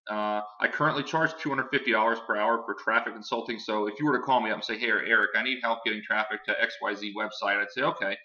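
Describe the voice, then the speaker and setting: A man giving a casual, filler-heavy online sales pitch while showing his screen. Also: steady tone, quick pace, few pauses, bright, forceful tone, muffled recording. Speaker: online marketing presenter.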